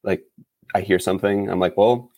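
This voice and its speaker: A man's voice: deep voice, steady tone, normal speed, a little mellow. A man co-hosting a podcast, joking and amused in casual chat. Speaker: podcast co-host.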